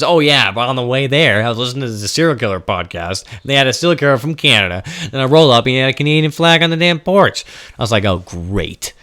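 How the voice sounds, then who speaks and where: Young man, casual storytelling, bright voice, animated, swearing and laughing. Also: mid-range voice.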